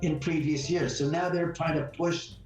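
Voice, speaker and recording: A man telling animated stories about his house in casual conversation, talking at length and acting out what people said. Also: on the high side, moderate pace. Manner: talkative, animated, acts out quotes. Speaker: homeowner guest. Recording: very echoey room, far from mic, faint music.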